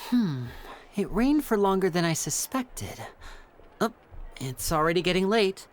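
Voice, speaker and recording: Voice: mid-range voice, sing-song, measured pace. A performer voicing a charming, polite young stage magician in a video game. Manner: polite, smooth, light laughs.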